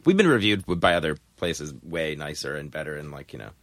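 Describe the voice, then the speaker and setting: A man's voice: extremely low pitch, big pitch swings, fairly quick, a bit bright, dry recording. A man on a podcast ranting casually about a bad review, rambling and exasperated.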